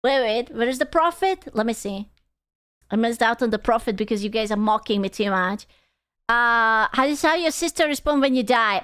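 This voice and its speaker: A woman's voice: a little high, expressive, unhurried, a bit bright, clear, resonant tone. A young woman live-streaming, chatting casually in a rambling way, swearing freely and laughing often. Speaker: VTuber streamer.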